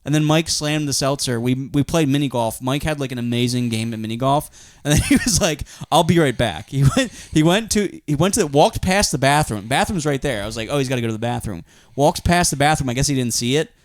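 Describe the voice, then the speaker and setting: A man's voice: mid-range voice, animated, quick pace, no room sound, clean studio sound. Rambling storytelling Philly-area man. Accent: Philadelphia area. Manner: rambling storyteller, laughs often, acts out quotes. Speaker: podcast co-host. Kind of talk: casual chat.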